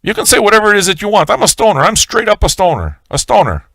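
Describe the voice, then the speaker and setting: A man's voice: sits high, very animated, fast, creaky, fairly bright tone, no echo. A man hosting a live-stream radio show, ranting in a swaggering, profane way and talking straight to his viewers. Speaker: livestream radio host.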